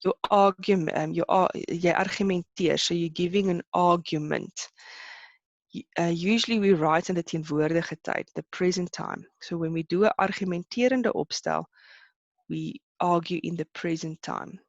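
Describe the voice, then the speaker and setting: A teacher leads a live online lesson, explaining patiently and often pausing to think aloud. The voice sits in a middle range. The recording sounds dull and lo-fi, with a dry, close sound. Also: mid-range voice, dry recording. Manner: explains patiently, switching between English and Afrikaans terms then translating; thinks aloud with frequent fillers and restarts.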